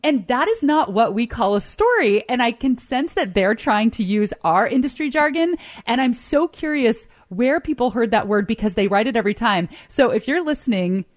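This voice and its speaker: A woman's voice: fairly high pitch, expressive, normal speed, few pauses, dry recording, clean studio sound. A woman radio reporter telling wry, chatty stories in casual on-air banter.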